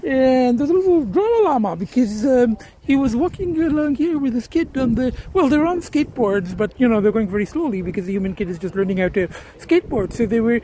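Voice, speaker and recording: A man's voice: extremely high pitch, animated, brisk, dark tone, slight background noise. A man vlogging casually as he goes about his day, talking in a rambling way with lots of fillers and restarts, often chuckling. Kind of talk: casual vlog commentary. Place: outdoors and around town, restaurant patio, store.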